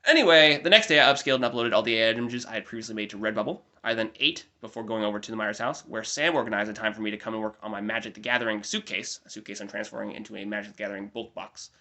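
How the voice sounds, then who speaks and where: This American vlogger in his twenties rattles off a casual, diary-style update at a brisk pace. His fairly low-pitched voice is bright and forward, and he keeps drifting into chatty, self-deprecating asides.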